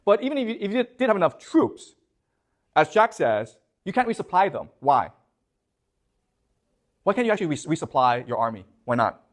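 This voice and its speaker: With a very animated voice on the high side, a man lectures at a moderate pace, leaving long pauses. He puts questions to the students and checks in again and again, asking "okay? you understand?"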